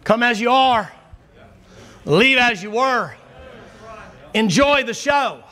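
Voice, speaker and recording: Male pastor, high tenor, folksy joking sermon delivery. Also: animated, takes it slowly. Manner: folksy, joking, swings between loud and low.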